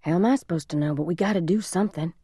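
A woman doing a hushed, bossy boy. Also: lowish voice, rapid-fire, slightly rough, no room sound, clean studio sound. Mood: hushed firm. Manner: soft, firm, hushed and bossy. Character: determined older boy, protective big brother.

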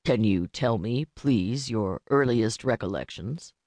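A woman voicing a male prosecutor with a parched voice who speaks slowly and clearly, sounding vaguely uncertain. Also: extremely low pitch, animated, a little mellow, no room sound, voice pushed down, exaggerated voice. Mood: careful. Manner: slow, clear, faintly uncertain. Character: male prosecutor, vaguely confused, slow and careful.

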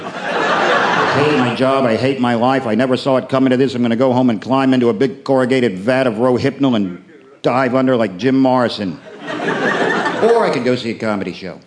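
Sardonic American comic in a theatre. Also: male voice, mid-range voice, a little fast. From United States. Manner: sardonic, profane, mock-ranting. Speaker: stand-up comedian. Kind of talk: live stand-up set. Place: theatre stage. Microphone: stage microphone. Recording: live theatre, echoey, loud crowd noise.

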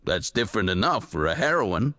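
A man voicing a weary, skeptical male publisher with a dry, deadpan, lower drawl. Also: a little fast. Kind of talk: audiobook character voice.

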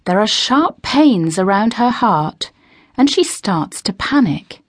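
A woman reading a story aloud as scripted narration for language learners, slow, clear and expressive, on a close studio mic. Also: mid-range voice, no echo. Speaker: audiobook narrator.

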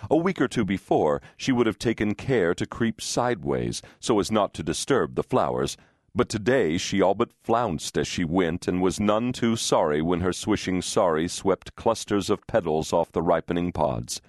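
Recorded dry on a studio microphone with studio quality, a male narrator with a deep voice reads scripted audiobook narration. His storytelling is measured yet expressive.

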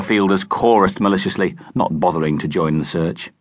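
A man reading a children's novel aloud as narrator, expressive and animated, recorded close in a booth. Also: low-pitched, normal speed, no room sound. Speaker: audiobook narrator. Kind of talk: scripted narration. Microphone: close studio mic.

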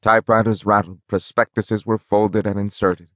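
A man narrating a novel in a measured, even storytelling manner on a close studio mic. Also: on the low side, no room sound. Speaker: audiobook narrator.

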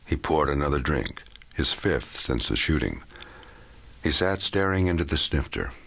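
A man narrating a crime audiobook in a measured, even storytelling manner. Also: rumbling low, vocal fry, husky. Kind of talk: scripted narration.

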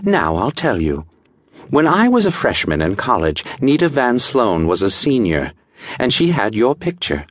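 A man's voice: medium pitch, wildly swooping pitch, measured pace, no room sound, clean studio sound, pitched above the performer's own voice. A man putting on a teasing young society girl. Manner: teasing, mock-regal. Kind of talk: audiobook character voice.

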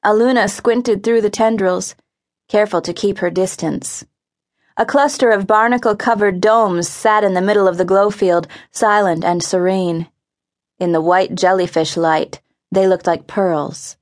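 Woman reading a teen audiobook, vivid expressive storytelling, mid pitch. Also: unhurried. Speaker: audiobook narrator. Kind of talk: scripted narration.

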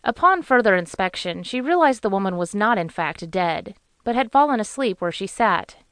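A woman narrating a romance audiobook in a measured, even storytelling manner on a close studio mic. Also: mid-range voice, dry recording. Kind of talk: scripted narration.

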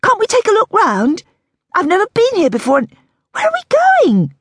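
A woman voicing an excitable, wide-eyed young woman who speaks eagerly and breathlessly. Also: extremely high pitch, moderate pace, dry recording, clean studio sound, voice pushed up, heavily acted. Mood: puzzled.

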